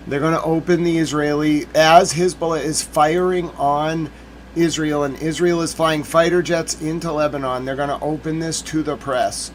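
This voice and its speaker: A man's voice: a little high, fairly even intonation, normal speed, a little hiss or hum. A man hosting a live news stream, chatting to viewers and repeating himself when anxious. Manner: anxious, repeats himself, greets chat by name. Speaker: livestream news commentary host.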